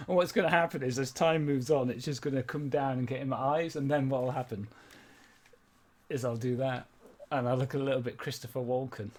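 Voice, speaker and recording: A man's voice: medium pitch, steady tone, a little fast, darkish tone. A man running a tabletop game, chatting and recapping in a rambling, hesitant way and laughing often. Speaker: game master. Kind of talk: casual chat and game recap.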